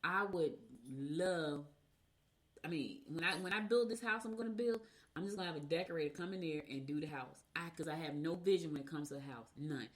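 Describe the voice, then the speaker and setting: Low-voiced chatty woman host. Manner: talkative, rambles into personal asides; talks fast by her own account. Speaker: radio show host. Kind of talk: casual chatty horoscope reading.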